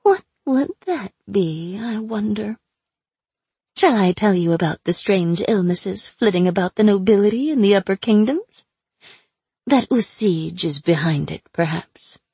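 A woman voicing a cruel, sly chained sorceress who mocks her captor in a slow, drawn-out way. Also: mid-range voice, expressive, warm tone, breathy edge, dry recording, pitched above the performer's own voice, full character voice. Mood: taunting. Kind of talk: audiobook character voice.

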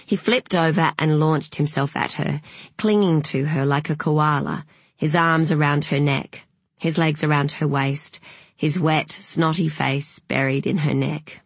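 A woman narrating an audiobook in a measured, unhurried way, with a breathy voice. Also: deep voice, fairly even intonation, dry recording.

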